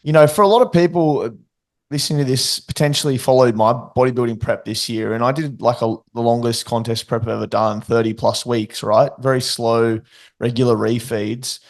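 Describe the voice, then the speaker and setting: Male podcast host, long detailed questions, middle pitch. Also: fairly even intonation, fairly quick. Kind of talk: interview questions.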